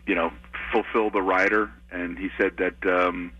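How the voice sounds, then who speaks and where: A comedian chatting as a radio guest, halting with many ums and restarts. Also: male voice, low voice, little pitch movement, sharp tone, lo-fi sound. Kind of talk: casual radio interview chat.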